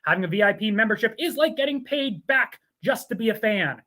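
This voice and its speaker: A man's voice: high voice, animated, brisk, pushed and bright. A man co-hosting a show, mixing casual chat with joking, playfully scripted ad reads. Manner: jokey, playful. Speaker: co-host.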